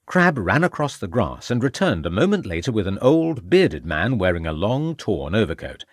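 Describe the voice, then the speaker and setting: A man reading a crime novel aloud as audiobook narrator, measured and formal, on a close studio mic. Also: lowish voice, big pitch swings, dry recording. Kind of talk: scripted narration.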